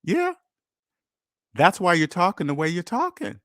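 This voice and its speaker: A man's voice: high voice, sing-song, fairly quick, a bit bright, no echo, clean studio sound. A man hosting a finance channel, talking casually and preachily about money and debt, acting out the voices of people he quotes.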